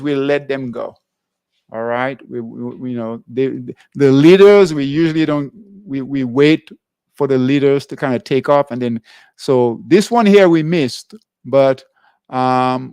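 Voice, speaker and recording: A man teaching a live trading class, working through charts slowly with long pauses. His voice has a gravelly fry, and the sound is dry and close with little room. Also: mid-range voice, darkish tone, dry recording. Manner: halting, repeats "all right" between currency pairs. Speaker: trading show host.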